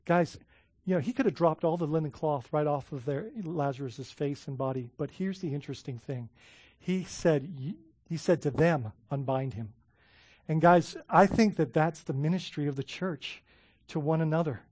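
A man preaching a sermon as a pastor, animated, often restarting words and laughing as he talks. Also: a little high, normal speed, dry recording, studio quality.

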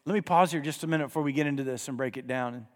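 In a church sanctuary, a male pastor with a mid-range voice races through an emphatic sermon. He keeps putting rhetorical questions to the congregation, and the recording carries a long church reverb.

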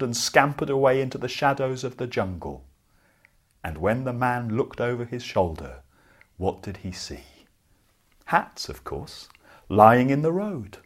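A man telling a folk tale to children, slow and dramatic, swinging between loud and hushed. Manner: slow, dramatic, with big swings of pitch and volume. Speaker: storyteller. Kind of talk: storytelling for children.

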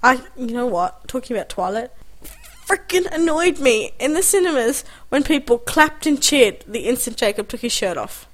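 A woman's voice: high-pitched, moderate pace, low-quality recording. A young woman co-hosting a casual podcast, playful and giggly, telling stories with gusto. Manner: playful, giggly, lively storyteller. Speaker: podcast co-host. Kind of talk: casual chat.

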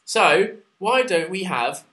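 A man from England co-hosts a casual podcast, chatty and quick to giggle as he plugs the show. His voice sits a little high and sounds bright and forceful. The studio mic catches a roomy echo. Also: lively intonation. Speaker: podcast co-host. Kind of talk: casual chat. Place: small room with studio gear. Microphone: studio microphone.

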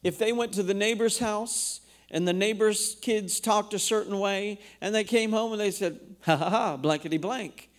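A high-pitched man preaches in a church. He reads scripture aloud and turns to ask the congregation questions as he goes. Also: fairly even intonation, moderate pace, few pauses. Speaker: pastor. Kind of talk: sermon.

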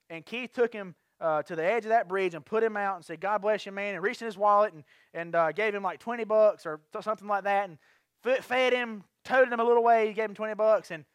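High-voiced man preaching. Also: smooth, dry recording, studio quality. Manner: rambling, lively storytelling with many restarts. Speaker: pastor. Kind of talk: storytelling sermon.

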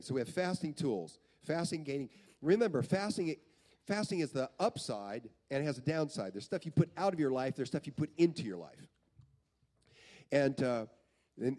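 A man's voice: mid-range voice, dark tone. Earnest man preaching a sermon. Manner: earnest, repeats phrases for emphasis. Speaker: pastor. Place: church.

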